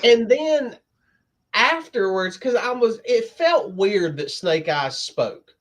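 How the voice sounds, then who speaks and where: A laid-back man with a fairly high voice, telling stories in casual chat about comics. He talks easily and unhurried, recounting things step by step. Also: sing-song. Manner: storytelling, laid-back with laughs. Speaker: podcast co-host.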